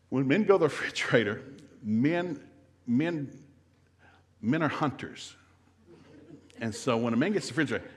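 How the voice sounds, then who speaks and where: A man's voice: mid-range voice, animated, a little fast. A middle-aged man giving a humorous marriage seminar talk in a folksy, joking way, acting out couples' dialogue. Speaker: guest seminar speaker.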